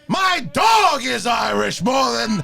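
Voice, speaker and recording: Comic bit: a man voicing an outraged older film star, shouting, bright and tense. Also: extremely high pitch, big pitch swings, takes it slowly, vocal fry, full character voice. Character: indignant older male movie star who shouts. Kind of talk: comic impression.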